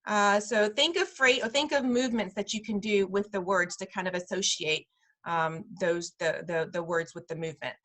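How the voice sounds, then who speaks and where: A woman who runs a preschool, teaching parents over a video call, slowly modeling sounds and repeating each word. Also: mid-range voice, fairly bright tone. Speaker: preschool director teaching a parent Spanish class. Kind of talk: online class instruction.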